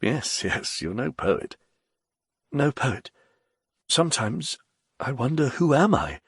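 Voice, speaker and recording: A man's voice: mid-range voice, very animated, takes it slowly, creaky, breathy edge, no room sound, clean studio sound, pitched above the performer's own voice, heavily acted. A man voicing a frightened, embittered court poet who speaks in an anxious, quavering way. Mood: anxious, gloomy.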